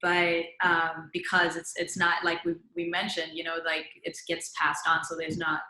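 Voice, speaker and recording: A woman on a podcast panel speaking in a hesitant, halting way during a candid discussion. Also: on the low side, monotone, sharp tone. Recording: roomy, echoey room sound.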